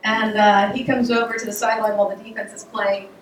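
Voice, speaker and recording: A woman giving a casual devotional talk, conversational and animated, with laughs and restarts, her voice getting worn. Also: medium pitch, fast talker, slight background noise. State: losing her voice. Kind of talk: casual sermon. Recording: echoey room, voice picked up from a distance.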